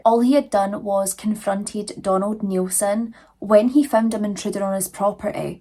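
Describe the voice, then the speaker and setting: Woman host, true crime vlog, conversational, mid-pitched, talks straight to her viewers. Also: a little mellow. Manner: chatty, with asides to viewers. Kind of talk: casual true crime narration.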